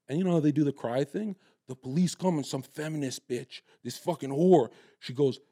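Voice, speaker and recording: A man's voice: mid-range voice, brisk, warm tone. A man talking in a brash, crude, swaggering way, telling stories in a casual chat. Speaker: guest.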